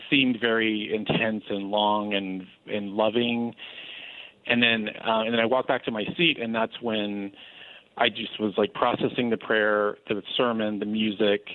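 A man telling his personal story as an interview guest, earnest and animated, with frequent restarts. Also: lowish voice, dry recording. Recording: dry tinny phone-like line.

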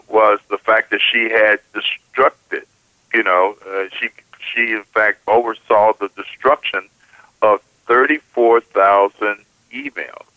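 A man giving political commentary as a guest, halting and often repeating his words. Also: on the low side, no room sound, phone-quality sound.

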